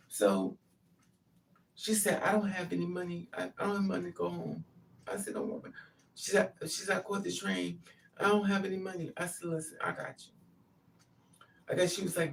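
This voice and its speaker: A woman with a fairly low, creaky-edged voice talks briskly, recounting a personal story in a casual monologue and animatedly acting out what other people said. The mic is distant and picks up faint noise.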